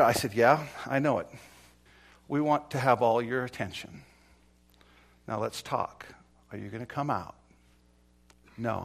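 A middle-aged man preaching a sermon, telling stories from his time as a police negotiator, dropping to a low confiding tone and then building to loud, rising exhortation. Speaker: pastor, former police negotiator. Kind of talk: sermon with storytelling. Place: church.

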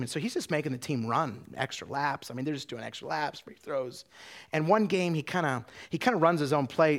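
A man preaching a sermon, telling a story in a loose, conversational way with many restarts, dropping his voice low for quoted lines. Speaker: pastor.

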